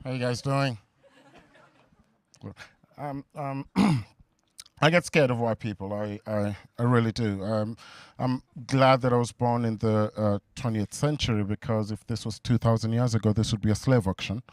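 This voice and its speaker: A young man doing a stand-up comedy set, halting and full of fillers, on a stage mic in front of a live audience. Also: medium pitch, no room sound, studio quality. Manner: halting, with many fillers and restarts. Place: comedy venue before a laughing crowd.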